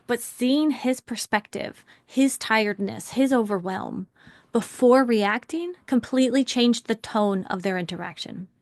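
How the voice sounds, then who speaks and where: Animated woman coaching a workshop. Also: a little high, no room sound, clean studio sound. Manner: animated, warm-toned teaching with rhetorical questions; acts out example phrases in changed voices. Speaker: relationship communication coach. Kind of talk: online workshop teaching.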